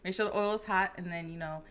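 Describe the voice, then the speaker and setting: A woman's voice: on the low side, brisk, a crowd in the background. A woman in a casual chat, explaining things plainly step by step. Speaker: guest.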